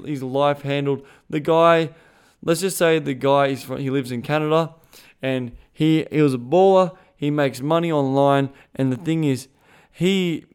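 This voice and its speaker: A man's voice: a little high, clean tone. A man hosting a podcast as a sexuality coach, talking in a frank, emphatic and profane way, with many restarts. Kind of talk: casual monologue.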